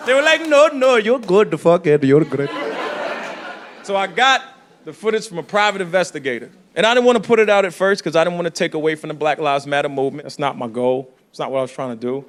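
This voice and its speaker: A man doing a stand-up comedy set, telling a story with shouted punchlines and quick switches into voices. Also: on the high side, expressive, noisy background. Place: comedy club with audience.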